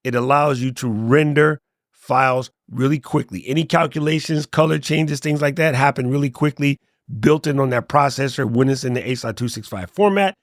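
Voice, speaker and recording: A relaxed man walks through app settings in a casual, joking way, his voice sinking low at the ends of his sentences. The sound is dry and close, with no room echo. His pitch sits in a medium range. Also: moderate pace. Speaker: tech tutorial host. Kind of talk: casual screen walkthrough tutorial.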